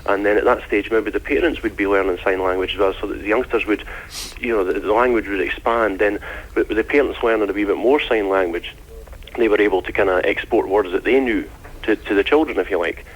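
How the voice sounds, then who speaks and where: Man explaining, low voice. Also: fairly quick, muffled recording. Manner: explaining, with fillers. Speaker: panel guest.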